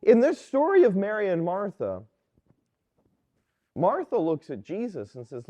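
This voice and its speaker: A male priest preaching with a lively, swooping delivery and a slightly raised pitch. He tells stories in a chatty, conversational way. The recording sounds dull and lo-fi. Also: measured pace, long pauses. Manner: conversational storytelling, animated. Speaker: Catholic priest. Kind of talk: sermon.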